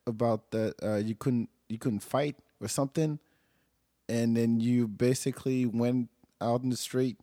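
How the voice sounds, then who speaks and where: A man's voice: mid-range voice, warm tone, no echo, clean studio sound. A man hosting a podcast who chats casually, asks questions with some hesitation, and laughs easily. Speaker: podcast host. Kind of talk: casual chat.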